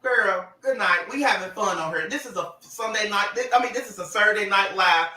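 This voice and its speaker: A man chatting on a livestream in a bright, forceful voice, sassy and animated, breaking into laughs. The room is echoey and he sits a little back from the mic. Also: high voice, fairly quick, recorded from a distance. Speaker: social media personality on a livestream. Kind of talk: casual livestream talk to followers.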